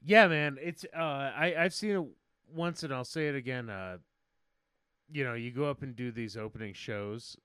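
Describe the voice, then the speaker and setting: A young man, a stand-up comedian co-hosting a podcast, joking around casually with quick wisecracks and swearing. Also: mid-range voice, fairly bright tone, clear, resonant tone, dry recording, studio quality.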